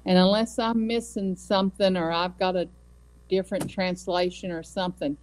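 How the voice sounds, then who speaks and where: A woman giving an earnest devotional talk on scripture, with measured delivery and emphatic repetition. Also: on the low side, steady tone, darkish tone, a little hiss or hum, poor audio. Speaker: Bible study speaker. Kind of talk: devotional teaching.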